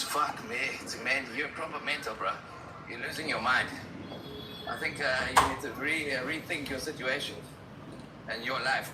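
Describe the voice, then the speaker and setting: A man calling into a live stream, confrontational and scolding the host. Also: medium pitch. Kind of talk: heated argument. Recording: roomy, distant call audio with background noise.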